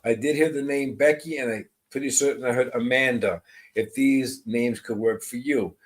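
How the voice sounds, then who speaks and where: Guy hosting a live psychic stream, gentle and reassuring, says hi to everyone in chat. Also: medium pitch, steady tone, normal speed, poor audio. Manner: greets chat viewers by name, soft and reassuring. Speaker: medium. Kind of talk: live-streamed mediumship reading.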